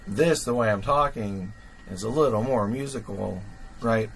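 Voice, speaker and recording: Low-voiced guy rambling on his stream, um and like everywhere, faint hum in the room. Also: moderate pace, creaky, rough recording. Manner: thinks aloud with many fillers, chuckles at himself; tinkering with gear while talking. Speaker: livestream host. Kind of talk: rambling casual livestream chat.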